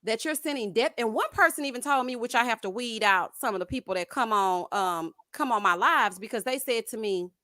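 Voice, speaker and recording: A woman's voice: on the high side, expressive, fairly quick, few pauses, bright, forceful tone, dry recording, studio quality. A sassy woman from Houston with a Southern twang, in her late thirties or around forty, ranting to her viewers and calling them honey and child. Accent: Southern US, Texas. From Houston, Texas. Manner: sassy, dramatic, calls listeners honey and child. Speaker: YouTube commentary host. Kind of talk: animated casual rant.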